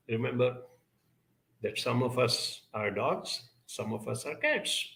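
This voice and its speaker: Earnest creaky-voiced man in an echoey room. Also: mid-range voice, big pitch swings, a bit bright. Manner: measured, earnest, with frequent pauses and 'uh' fillers. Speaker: speaker answering audience questions. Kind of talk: advice talk.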